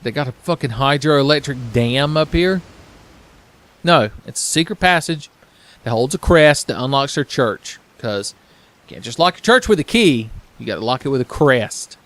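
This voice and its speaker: A man's voice: medium pitch, expressive, moderate pace, a bit bright. A man giving casual gameplay commentary as a let's play host, rambling with sarcasm and constant swearing.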